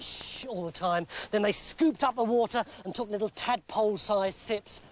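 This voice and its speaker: High-voiced man, playful comic storyteller, lively delivery. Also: a little hiss or hum.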